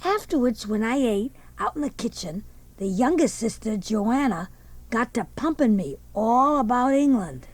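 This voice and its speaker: A woman plays a folksy teenage boy who narrates a radio drama in a plain drawl. The voice sits a little high and moves with a lively lilt, recorded dry and close. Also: unhurried, no room sound. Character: folksy young teenage boy narrating his own tale.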